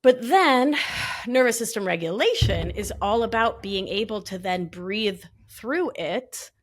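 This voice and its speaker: A woman with a New York accent in a casual podcast conversation, animated and jokey as she talks. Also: medium pitch, a little slow.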